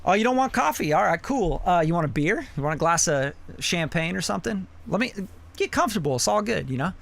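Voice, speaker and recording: A man's voice: high voice, lively intonation, fairly quick, vocal fry, fairly bright tone, full character voice. A man putting on a laid-back, hospitable guy who welcomes a visitor and offers drinks. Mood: welcoming. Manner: easygoing and hospitable.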